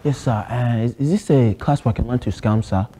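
A man's voice: mid-range voice, fairly quick, mellow, natural voice. A young man putting on a Nigerian accent, playing a pushy student who keeps asking to learn scamming, tacking "oh" and "ah, ah" onto his lines, in a lecture hall with faint noise. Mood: pleading. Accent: Nigerian (put on). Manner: insistent, exclamatory "oh" and "ah, ah" tags.

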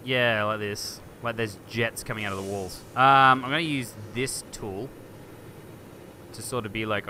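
A man hosting a game video, thinking aloud and getting excited as he chats to objects on screen. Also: medium pitch, normal speed, a little hiss or hum. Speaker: gaming video host. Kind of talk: let's play commentary.

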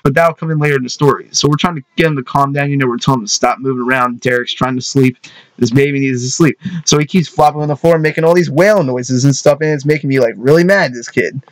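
A young man tells a story from his childhood in a loose, rambling way, stumbling over words and tossing in "you know what I mean". His voice sits at an ordinary pitch for a man. The recording is dry and close, with no room sound. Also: quick pace, no room sound. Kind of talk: casual storytime.

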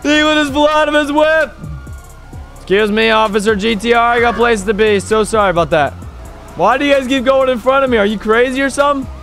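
A young gaming YouTuber and server owner with a high, fast, gravelly voice gives live commentary on a driving game over soft background music. He's excitable, cheekily taunting the cops chasing him and yelping at every jump and crash.

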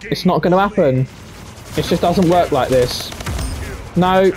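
A young man giving live gameplay commentary, trash-talking and swearing at opponents with sudden excited yelps. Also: high-pitched, a little slow. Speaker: gaming streamer. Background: gunfire from the game.

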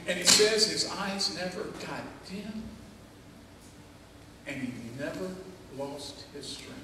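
A man's voice: high-pitched, expressive, takes it slowly, pauses often. An older man preaching a sermon, telling stories animatedly and acting out voices. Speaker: pastor. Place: church sanctuary. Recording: echoey hall from far off with background noise.

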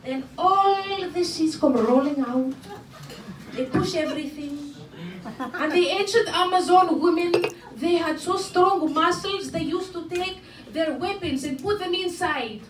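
A woman's voice: extremely high pitch, slow pace, recorded from a distance, background noise. Woman playing a brash older Greek auntie with a Greek accent. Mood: bawdy. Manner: broken grammar, bawdy, theatrical, cackling. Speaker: stand-up comic. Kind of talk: character stand-up comedy. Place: pub stage at a variety show. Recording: echoey pub mic heard from afar, crowd laughter. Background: audience laughing.

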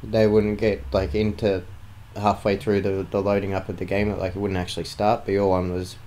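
A man's voice: sits low, completely flat delivery, normal speed, a little mellow, slight background noise. A man co-hosting a podcast in casual chat, chiming in with laid-back, teasing remarks.

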